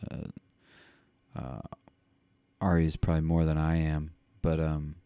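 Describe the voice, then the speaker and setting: Man, podcast co-host, low gravelly voice, dark tone, rambling commentary. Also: completely flat delivery, measured pace, dry recording. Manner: rambling, reads news aloud with many fillers.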